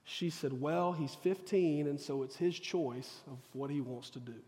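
A man's voice: on the high side, a little slow, a little mellow, big-room sound. A man preaching a sermon, telling a personal story earnestly and acting out the dialogue. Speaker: pastor. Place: church sanctuary.

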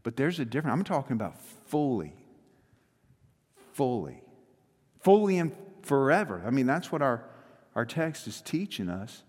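A male pastor preaching a sermon in a conversational, joking way, rushing through some phrases. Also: mid-range voice, big pitch swings, darkish tone, big-room sound. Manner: conversational and joking, with quick rushes.

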